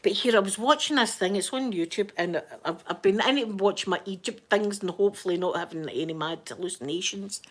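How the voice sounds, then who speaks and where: A woman's voice: medium pitch, fairly quick, hardly any pauses, fairly bright tone. Chatty Scottish woman streaming live. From Scotland. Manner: chatty, rambling storyteller who laughs a lot. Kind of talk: casual live-stream chat.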